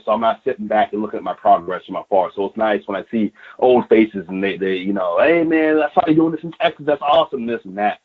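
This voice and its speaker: A man, a pro wrestler, chatting loosely in an interview, with lots of fillers and "you know, man". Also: lowish voice. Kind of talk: casual phone interview. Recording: tinny phone line.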